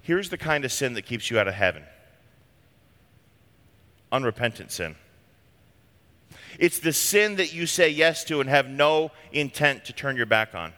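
A man's voice: mid-range voice, lively intonation, a little slow, pauses often, sharp tone, big-room sound. A man preaching a sermon as a pastor, talking in an emphatic, conversational way.

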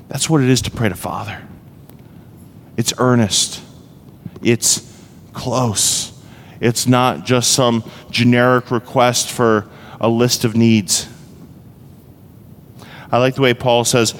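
A man preaching a sermon as a pastor and praying aloud for his congregation, earnest and heartfelt, moving between brisk explanation and slow, weighty emphasis. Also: mid-range voice, fairly even intonation, big-room sound, a little hiss or hum. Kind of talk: sermon with spoken prayer. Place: church sanctuary.

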